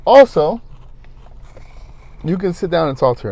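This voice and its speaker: A man giving casual relationship advice in a talkative, animated way, shifting between loud and quiet. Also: on the high side, unhurried, pauses often, lo-fi sound.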